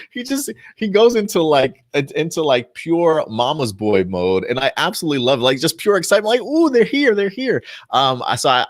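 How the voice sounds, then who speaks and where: A man hosting a casual show review, talking in an animated, chatty and frank way. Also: lowish voice, no room sound, studio quality.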